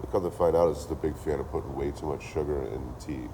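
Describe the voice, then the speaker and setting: A man's voice: a bass voice, steady tone, quick pace, hardly any pauses, background noise. A man streaming to a live chat, ranting casually and profanely, repeating his lines as he goes.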